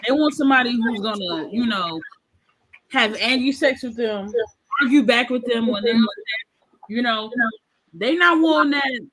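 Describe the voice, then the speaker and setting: A woman's voice: a little high, normal speed, poor audio. A woman in her thirties, speaking frankly and with animation as a podcast panelist in a candid discussion. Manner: frank and animated, acts out quoted voices.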